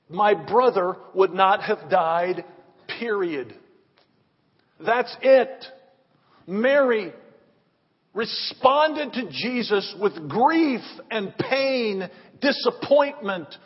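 A man preaching a sermon, swinging between loud emphatic rises and hushed drops. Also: high-pitched, slightly rough, in a large hall, lo-fi sound. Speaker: pastor.

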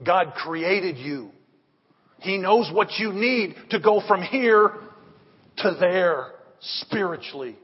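A man preaching a sermon, swinging between loud emphatic rises and hushed drops. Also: high-pitched, animated, takes it slowly, husky, big-room sound, lo-fi sound. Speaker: pastor.

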